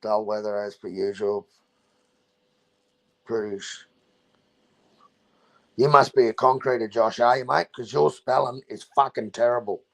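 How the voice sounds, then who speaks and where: Australian male streamer, gravelly voice, loose and sweary casual host. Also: mid-range voice, fairly even intonation, a little slow, pauses often. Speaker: livestream host. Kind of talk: casual livestream chat.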